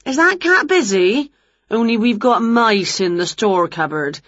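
A woman voicing a jolly female school cook in a picture-book reading, with a bright, chirpy manner. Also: mid-range voice, animated, unhurried, no room sound, muffled recording, pitched above the performer's own voice.

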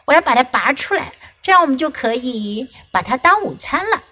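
A young woman teaching English to children. She reads a picture book aloud slowly and expressively, then explains each line. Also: sits high, rough recording. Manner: slow, expressive storybook reading with bilingual explanations.

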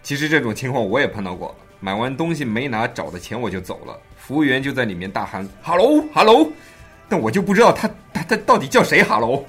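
A man's voice: medium pitch, fast, few pauses, breathy edge, faint music behind. A man co-hosting a language show, explaining English phrases in Mandarin with a playful, teasing manner. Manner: jokey, teasing, animated. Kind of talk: playful bilingual lesson banter.

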